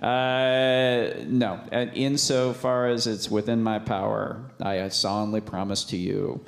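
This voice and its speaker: A man on a press panel, playful and quick to laugh. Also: on the low side, little pitch movement, vocal fry. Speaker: film director on a panel. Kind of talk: press conference answers.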